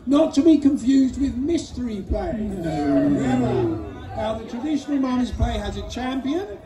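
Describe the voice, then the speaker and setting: A man's voice: very high voice, expressive, unhurried. A man narrating a folk play in rhyme, jovially teasing the audience. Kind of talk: rhyming storytelling to an audience. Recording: echoey distant outdoor stage with crowd.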